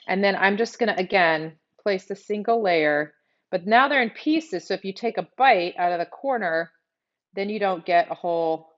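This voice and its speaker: A woman's voice: on the low side, lo-fi sound. A middle-aged woman with a Texas accent hosting a live cooking demonstration from her home kitchen, chatting casually and thinking aloud as she works. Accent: Texan. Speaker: cooking show host.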